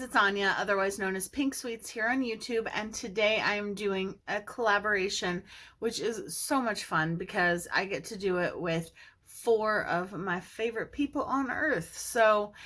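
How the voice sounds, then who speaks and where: A woman's voice: medium pitch, sharp tone. Bubbly woman chatting on a makeup vlog. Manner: bubbly, gushing and enthusiastic. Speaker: beauty YouTuber. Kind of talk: casual makeup vlog chat.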